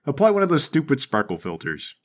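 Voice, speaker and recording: A man playing a tabletop game, tossing out deadpan jokes. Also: fairly high pitch, fairly quick. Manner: deadpan joking asides. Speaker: player.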